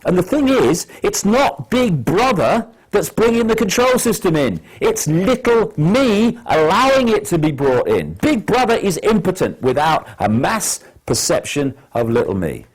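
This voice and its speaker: A man from Britain giving an impassioned speech to an audience, emphatic, building to forceful peaks and repeating words as he presses on. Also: sits high, very animated, unhurried, few pauses, slightly rough. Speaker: public speaker.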